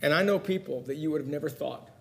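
A man preaching a sermon, telling personal stories, who swings between loud emphatic lines and hushed asides. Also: a little high, fast, creaky.

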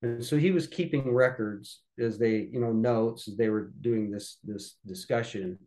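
A man as a podcast guest recounting a family anecdote. He speaks at an ordinary middle pitch and tells the story with animation, often restarting his sentences. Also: moderate pace, darkish tone. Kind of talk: telling a family story in a conversation.

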